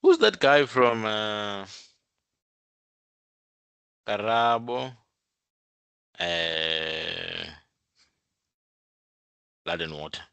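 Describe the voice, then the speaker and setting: A man's voice: fairly low pitch, very animated, extremely slow, pauses often, sharp tone, clear, resonant tone, dry recording. A man who explains things step by step in an informal talk, repeating his points and using many fillers. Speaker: channel host.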